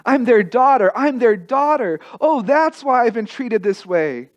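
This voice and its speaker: A man's voice: extremely high pitch, animated, unhurried, highs cut off, pitched above the performer's own voice. A man speaking as a young adopted girl, repeating her words in stunned wonder.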